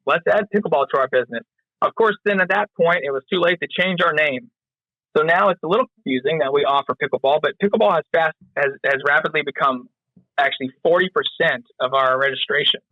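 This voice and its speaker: Podcast guest, male, mid pitch, loose rambling delivery, dry muffled audio. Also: dry recording. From North Carolina. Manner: rambling, lots of fillers and restarts. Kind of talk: casual interview chat.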